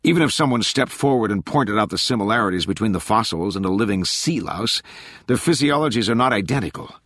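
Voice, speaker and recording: A man's voice: lowish voice, dry recording, studio quality. A man doing an eager marine scientist. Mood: thoughtful. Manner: fast, excited lecturing. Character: eager male marine scientist, enthusiastic explainer.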